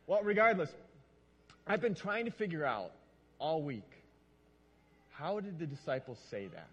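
A male pastor preaching a lively sermon and acting out lines. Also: fairly high pitch, unhurried, husky, highs cut off. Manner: animated, acts out lines. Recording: long reverb of a large hall.

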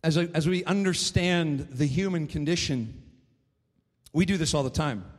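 A man's voice: a little high, unhurried, in a large hall. A man preaching a sermon, retelling a story in a loose, rambling way full of fillers. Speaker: pastor.

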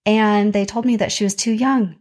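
A chatty woman in her thirties tells personal stories on her podcast. She talks casually and lively, and her voice rises high when she gets worked up. Her pitch sits in the middle for a woman. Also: normal speed. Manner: chatty and animated, acts out quoted voices. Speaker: podcast host.

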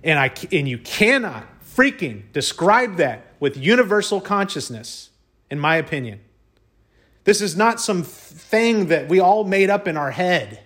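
A man telling a personal story in a casual monologue, excitable, often stumbling and repeating his words, peppered with "y'all" and mild cussing. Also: high voice, a little slow, slightly rough.

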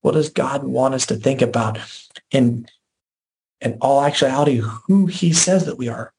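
Male podcast host, slightly high voice, earnest faith-based teaching, repetitive and restarting. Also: moderate pace, a little mellow.

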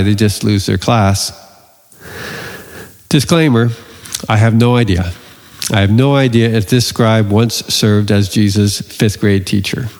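Male pastor telling a story w/ jokes, medium voice, long church echo. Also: mid-range voice. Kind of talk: sermon.

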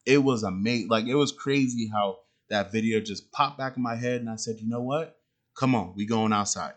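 Casual, rambling young dad telling a story. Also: male voice, on the low side, moderate pace. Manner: rambling, many fillers and restarts, slangy. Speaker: father podcaster.

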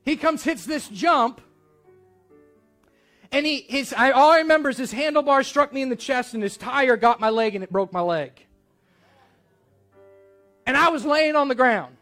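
A man's voice: very high-pitched, moderate pace, pauses often, pushed and bright, faint music behind. A man preaching a sermon to his church, telling a personal story in a conversational, earnest way. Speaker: pastor.

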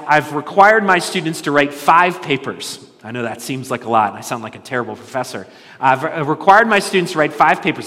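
A pastor preaching a sermon, earnest, asking rhetorical questions and repeating key lines for emphasis. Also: male voice, fairly high pitch, a bit bright. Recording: long reverb of a large hall.

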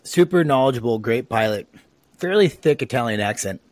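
A podcast host from Oregon, USA, chats casually and rambles through his stories, peppering them with "uh" and "you know." His mid-pitched voice moves briskly and sounds dry and close, captured on his own mic over a remote call with no room sound.

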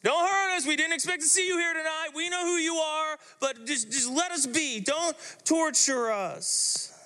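A man's voice: very high voice, normal speed, bright, forceful tone, pitched above the performer's own voice. A man voicing a frightened horde of demons, begging in a whiny voice. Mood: pleading.

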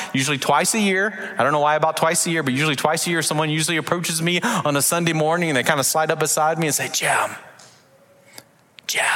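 A man preaching a sermon as pastor, animated, acting out little voices and reading scripture aloud. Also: fairly high pitch, long reverb tail.

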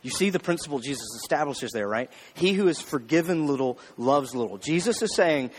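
A man delivers a sermon in a casual, conversational way, often speaking straight to his listeners. His voice sits a little high for a man. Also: expressive, a little fast, few pauses, slightly rough, in a large hall. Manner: conversational preaching, addressing the crowd with "y'all". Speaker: pastor.

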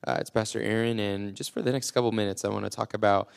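Youth pastor guy preaching a short podcast devotional, kinda low and gravelly, earnest, slows way down on key lines. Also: steady tone. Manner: earnest and encouraging, slows down for emphasis; many filler "uh"s and restarts.

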